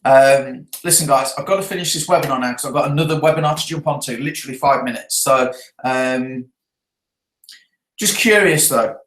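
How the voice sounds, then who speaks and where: A man's voice: medium pitch, steady tone, fast talker, a little hiss or hum. Man coaching in a roomy echo. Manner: earnest, checks in with a frequent tag question. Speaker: network marketing trainer. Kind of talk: talking through event notes.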